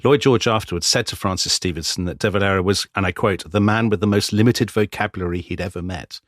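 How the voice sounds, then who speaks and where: A man co-hosting a history podcast, explaining in a measured, dry way. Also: low-pitched, no room sound. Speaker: podcast co-host.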